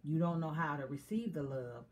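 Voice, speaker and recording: A woman's voice: low voice, animated, normal speed, darkish tone. A woman co-hosting a casual chat who talks candidly and confessionally and often laughs. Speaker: co-host.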